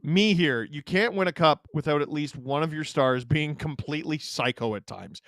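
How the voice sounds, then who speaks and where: High-voiced sarcastic male stream host. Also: moderate pace, a bit bright, dry recording, clean studio sound. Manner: sarcastic, joking banter. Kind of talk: casual watch-along commentary, reading chat.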